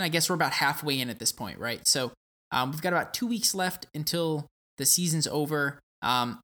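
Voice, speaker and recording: A man's voice: a little high, sharp tone. A man co-hosting a casual gaming podcast, upbeat and playful with lots of filler words. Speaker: podcast co-host. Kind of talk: casual chat.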